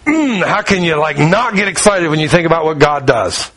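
Male preacher, high-pitched, animated storyteller, acts out the scene mid-sermon. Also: normal speed, rough recording. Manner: walks around while preaching.

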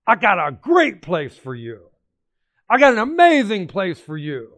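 A man's voice: sits high, huge pitch swings, a little slow, a bit bright, no echo, full character voice. A male preacher voicing God the Father, speaking as a loving father who promises a home. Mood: promising.

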